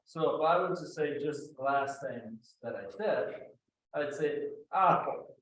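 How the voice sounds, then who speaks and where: A man speaking as a panelist, explaining in a measured way at a public event. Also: medium pitch, distant mic. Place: museum event room. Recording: echoey room with faint noise.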